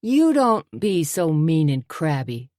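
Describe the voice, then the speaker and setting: A woman's voice: low voice, sing-song, slow pace, darkish tone, no room sound, clean studio sound, exaggerated voice. A woman voicing a scruffy, dim-witted, scheming man who speaks in folksy slang. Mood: whiny.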